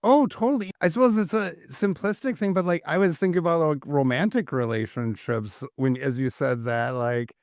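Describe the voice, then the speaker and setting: A man's voice: fairly high pitch, normal speed, hardly any pauses, a little mellow, no echo, studio quality. A man hosting a podcast, enthusiastic and rambling, full of fillers. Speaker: podcast host, music booker. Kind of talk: podcast interview conversation.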